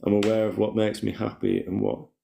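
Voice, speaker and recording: A man with a low, deep voice chats at a relaxed pace on a live stream, rambling and reading out viewer comments. His voice rings around an echoey room. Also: fairly quick, vocal fry. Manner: rambling, laid-back, reads chat comments aloud. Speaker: livestream host. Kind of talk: casual spiritual livestream chat.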